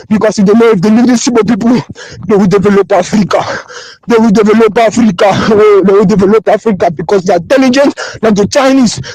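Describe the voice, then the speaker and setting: A man's voice: very high-pitched, a little mellow, slightly rough, dry recording, low-quality recording. A man with a Nigerian accent recording an impassioned voice note on his phone, pleading and repeating himself with emotion. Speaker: voice-note sender.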